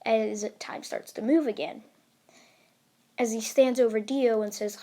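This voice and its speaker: A woman's voice: on the high side, steady tone, unhurried, pauses often, warm tone. A woman improvising a fan story, rambling with fillers and restarts as she narrates.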